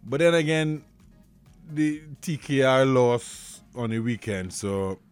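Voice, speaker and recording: A man with a Trinidadian accent, hosting a radio show with casual chat and live ad reads, animated and excitable. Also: medium pitch, takes it slowly, clear, resonant tone, faint music behind. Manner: animated, excitable, slips into dialect rants. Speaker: radio host.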